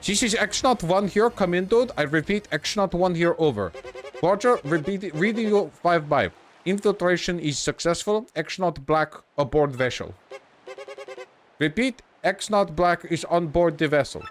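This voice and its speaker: A man's voice: sits high, moderate pace, voice pushed up, lightly acted. A man playing a clipped radio operative. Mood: urgent. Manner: terse military radio jargon.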